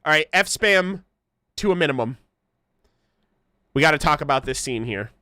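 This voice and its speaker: A man hosting a casual livestream, talking excitedly to his chat with frequent laughs and loose swearing. His voice sits high and sounds bright. It is recorded close and dry, with no room echo. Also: normal speed. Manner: excitable, laughing, swearing freely, chatty with viewers. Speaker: livestream host reacting to an animated series.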